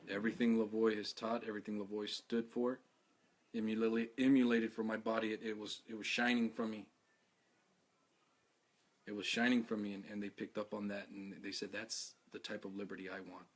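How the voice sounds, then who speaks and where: An exhausted man talking to his followers in a live video, halting and stammering, repeating his words, earnest and heartfelt. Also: on the low side, flat delivery. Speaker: activist speaking to followers.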